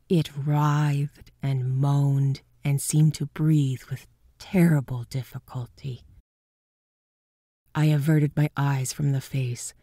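A woman narrating a ghost story in a hushed voice that often drops to a whisper. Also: very deep voice, husky, no echo, clean studio sound.

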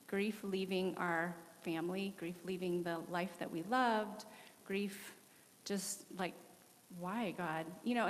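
Candid woman in an echoey church. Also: mid-range voice. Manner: candid, animated storytelling with laughs. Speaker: missionary guest. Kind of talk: testimony in a church interview. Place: church worship center.

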